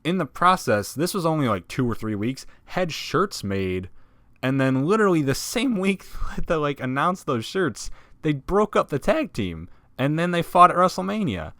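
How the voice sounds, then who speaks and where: A man hosting a wrestling countdown video, narrating from a script with sarcasm and swearing and sudden loud emphasis. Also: a little high, big pitch swings, normal speed, dry recording. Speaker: wrestling list video host.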